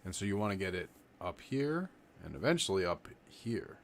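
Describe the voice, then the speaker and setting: A man leading a live-streamed breathing lesson, talking in a relaxed, rambling way and demonstrating as he goes. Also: low voice, normal speed, a little hiss or hum. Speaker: livestream meditation teacher. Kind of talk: casual live-stream instruction.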